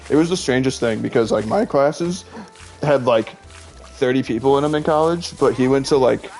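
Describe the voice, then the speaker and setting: A man's voice: mid-range voice, fairly even intonation, fast talker, vocal fry, darkish tone. A young man in his twenties chatting casually while gaming, rambling with constant "like"s and frequent laughs. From Illinois, USA. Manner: rambling, heavy use of "like", laughs often. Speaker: gaming streamer. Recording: faint game music behind.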